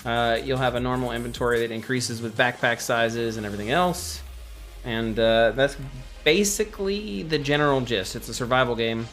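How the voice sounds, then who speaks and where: A man's voice: mid-range voice, normal speed, a bit bright. A man casually chatting on a livestream while building a game, rambling and answering viewer questions. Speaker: game developer streaming live.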